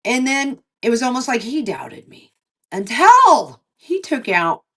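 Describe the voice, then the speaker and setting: A slightly high-voiced woman tells a long story in casual chat. She swears freely and acts out other people's lines, dropping or raising her voice for them. Her pitch sits a bit above the usual. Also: a little slow, slightly rough, distant mic. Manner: animated, swearing, acts out dialogue in lowered and raised voices. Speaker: livestream co-host.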